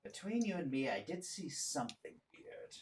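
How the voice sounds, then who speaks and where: A man voicing a secretive male tavern keeper who talks in a hushed, confiding way. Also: medium pitch, animated, normal speed, a little hiss or hum, voice pushed down, natural voice.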